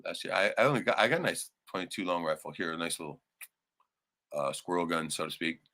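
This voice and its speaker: A man hosting a casual livestream, rambling and swearing often, suddenly turning loud and excited. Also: low voice, fast talker. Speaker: livestream host.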